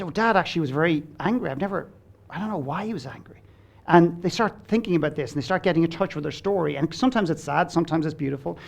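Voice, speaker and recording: A man's voice: on the high side, gravelly. A man speaking as a guest coach, telling stories in an earnest, blunt way, acting out quoted dialogue and swearing casually. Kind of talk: conversational storytelling.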